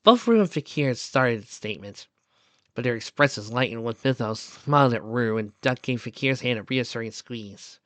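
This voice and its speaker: A man reading fan fiction aloud as narrator, in a soft, steady storytelling voice. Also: mid-range voice, normal speed, no echo.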